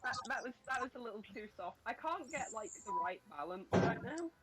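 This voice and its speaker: Woman, British accent, hoarse, dry wry chat, slightly high, keyboard clicks behind. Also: animated, fairly quick, heavy background noise. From Britain. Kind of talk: casual chat.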